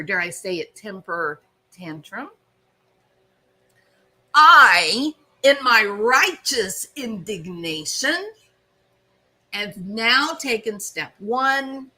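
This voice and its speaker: A woman's voice: on the high side, sharp tone. A woman hosting her own channel, telling a story with self-mocking, theatrical humor. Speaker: channel host. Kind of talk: storytelling commentary.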